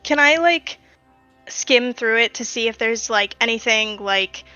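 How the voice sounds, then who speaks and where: A woman's voice: on the high side, measured pace, bright, forceful tone, dry recording, lo-fi sound, soft background music. A woman playing a tabletop game who speaks hesitantly, with many likes and ums. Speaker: player. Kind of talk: casual tabletop play.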